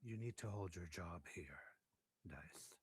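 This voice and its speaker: A man putting on a low voice, calm, hushed, measured party member. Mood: stern.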